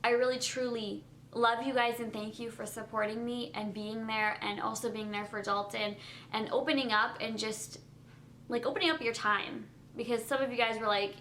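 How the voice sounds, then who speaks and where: A woman's voice: fairly high pitch, fairly even intonation, normal speed, a bit bright, a little hiss or hum. A young woman vlogging at home at night, talking casually to the camera with lots of fillers.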